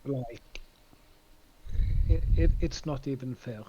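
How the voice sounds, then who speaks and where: A man's voice: medium pitch, slow pace, mellow, dull audio, a little hiss or hum. A man on a game stream explaining things in a plain, matter-of-fact way. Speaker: stream guest. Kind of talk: casual chat while gaming.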